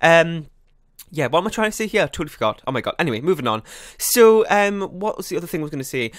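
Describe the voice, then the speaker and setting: Fast-talking man, rambling chatty commentary. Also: fairly high pitch, very animated, fairly bright tone, dry recording, clean studio sound. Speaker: YouTuber. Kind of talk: casual voice-over commentary on a building game.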